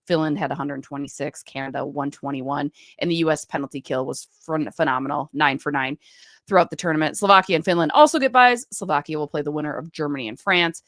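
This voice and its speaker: A woman with a low voice co-hosts a casual sports podcast. She runs briskly through stats and names, recorded dry and close with no room sound. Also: fairly bright tone, dry recording. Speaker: podcast co-host. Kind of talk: casual hockey chat.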